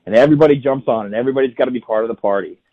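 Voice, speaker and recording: A man who is a guest college football writer on a radio interview, making a fast, emphatic argument that builds point by point. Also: mid-range voice, warm tone, highs cut off.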